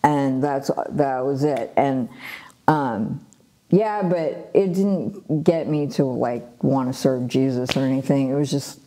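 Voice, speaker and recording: A middle-aged woman from Los Angeles recounts her past in a relaxed interview chat. Her voice sits low and mellow. She tells it with animation, laughing often and restarting sentences full of fillers. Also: slow. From Los Angeles, USA. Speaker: guest sharing her testimony. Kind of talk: casual personal storytelling.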